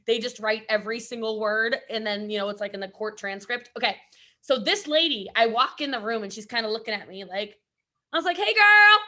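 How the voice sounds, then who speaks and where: A woman giving an energetic motivational talk at an event, chatty and rambling, often breaking off to laugh. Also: mid-range voice, fairly quick. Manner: chatty, rambling, self-interrupting, laughs a lot. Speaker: event speaker.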